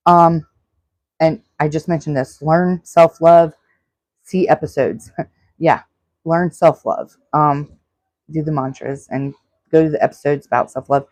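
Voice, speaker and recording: This fortyish woman runs a self-help podcast on her own, speaking low at an ordinary speed with long pauses and no echo. Her manner is earnest and advice-giving, and she tends to repeat herself.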